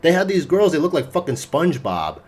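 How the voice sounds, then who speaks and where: A young man, a podcast host, telling a story in casual chat, animated and full of swearing. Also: a little high, brisk, breathy edge.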